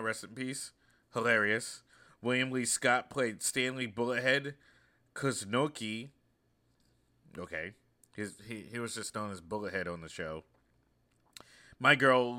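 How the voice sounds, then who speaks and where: Bright-voiced man telling a casual story. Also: mid-range voice. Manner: chatty, storytelling, animated asides. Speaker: host. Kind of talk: casual monologue.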